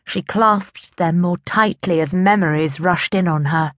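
Slow, deliberate female audiobook narrator. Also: fairly low pitch, dry recording, clean studio sound. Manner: slow, even, deliberate reading. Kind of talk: scripted narration of a historical romance. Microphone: close studio mic.

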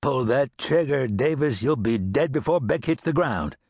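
A man's voice: mid-range voice, expressive, normal speed, a little mellow, breathy edge, no room sound, clean studio sound, voice pushed up. A man doing a stern, cool-headed lawman. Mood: cold. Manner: authoritarian, matter-of-fact. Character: stern, cool-headed male lawman turned bounty hunter.

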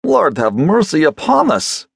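A man's voice: very animated, normal speed, gravelly, husky, no room sound, clean studio sound, heavily acted. A man voicing a flustered male merchant in trouble, indignant and pleading, in an audiobook reading. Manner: indignant, pleading, rising to high exclamations.

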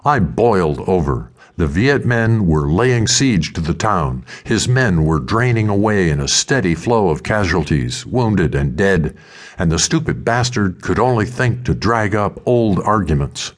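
A male audiobook narrator with a deep, low voice. He reads a first-person story in a measured, steady way.

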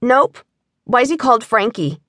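A woman's voice: fairly high pitch, sing-song, unhurried, a bit bright, dry recording, clean studio sound, exaggerated voice. A woman voicing a cocky, teasing boy of about nine in an audiobook. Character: smirking Amish boy, about nine, know-it-all.

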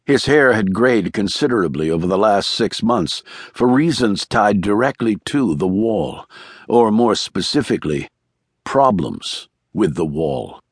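A man narrating a thriller audiobook in a measured, even storytelling manner. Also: fairly low pitch, breathy edge, no room sound, studio quality.

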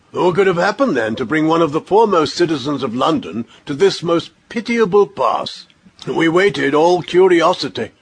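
Male audiobook narrator, measured and earnest, higher-pitched and husky. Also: a bit bright. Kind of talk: scripted narration of a classic story.

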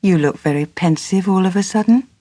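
A woman's voice: mid-range voice, fairly quick, mellow, dry recording, clean studio sound, close to an everyday voice. A woman doing a lovestruck upper-class young man. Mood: panicked.

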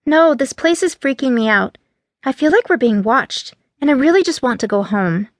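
A woman reading an audiobook voices a frightened, short-tempered teenage girl, raising her voice higher and tighter than her narration. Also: expressive, normal speed, no room sound, clean studio sound. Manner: tense, pleading, higher and louder than the narration. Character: scared teenage girl, anxious and curt. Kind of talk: audiobook character voice.

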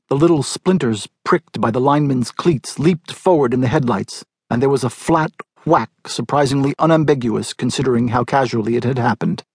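Man reading a literary short story, husky, dead dry studio sound. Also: medium pitch, a little mellow, dry recording. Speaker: audiobook narrator. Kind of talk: scripted literary narration.

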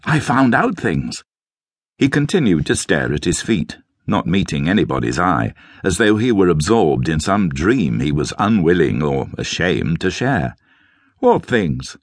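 An audiobook narrator with a deep voice delivers scripted narration in a measured way, telling the story with great expressiveness. The studio sound is clean, with no echo.

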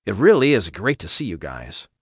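A man voicing a young male ship captain who talks warmly and jokingly, in an audiobook. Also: fairly low pitch, huge pitch swings, normal speed, slightly rough, no room sound, studio quality, full character voice. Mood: friendly. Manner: warm, joking.

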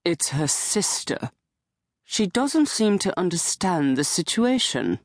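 A woman voicing a formal, weary older widower in an audiobook, speaking in a measured, clipped way. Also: lowish voice, sing-song, no echo, studio quality. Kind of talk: audiobook character voice. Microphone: close studio mic.

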